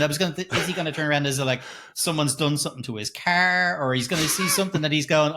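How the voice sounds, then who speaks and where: A man co-hosting a casual film review podcast, his voice bright and sharp. He talks loosely and turns animated, leaping up in pitch when something baffles him. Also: fast, hardly any pauses, slight background noise. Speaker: podcast co-host.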